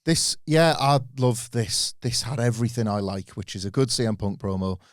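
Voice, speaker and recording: A man's voice: mid-range voice, moderate pace, no echo, studio quality. A man co-hosting a wrestling podcast, talking in an enthusiastic, rambling way with asides. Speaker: podcast co-host. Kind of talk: casual opinionated chat.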